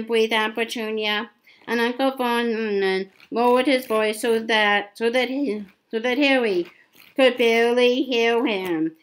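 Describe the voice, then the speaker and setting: Woman reading a novel out loud, slow, higher voice, keeps repeating words. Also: steady tone, rough recording. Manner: stumbling, often repeats words. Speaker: reader.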